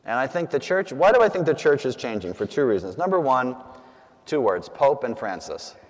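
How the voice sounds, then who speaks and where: A man, a priest, tells stories to a gathered group in a relaxed, conversational way, full of asides and little fillers. His voice sits at an ordinary middle pitch. The sound rings with the long reverb of a large hall. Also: moderate pace, a little hiss or hum. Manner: chatty, anecdotal, frequent asides and fillers. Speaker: priest giving a talk to a group. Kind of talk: conversational public talk with storytelling.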